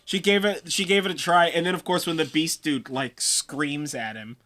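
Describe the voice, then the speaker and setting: A young man with a high, bright voice co-hosts a casual review chat. He talks fast and loosely, laughing often and acting out lines. His tone is light and upbeat. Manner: quick, laughing, acts out quotes. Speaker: podcast co-host.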